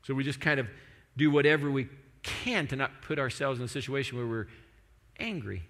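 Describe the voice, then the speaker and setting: A man's voice: medium pitch, fairly quick, fairly bright tone, in a large hall. A male pastor preaching a sermon in a conversational way, with frequent restarts and "like".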